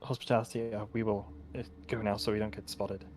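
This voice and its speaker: A man's voice: lowish voice, little pitch movement, fast talker, a little mellow, a little hiss or hum. A man playing a tabletop game in character, speaking hesitantly and politely. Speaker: player.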